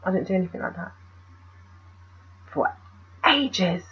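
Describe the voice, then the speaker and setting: A woman telling a personal story in a vlog, animated and full of rhetorical questions. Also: on the low side, measured pace, breathy edge, muffled recording. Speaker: vlogger.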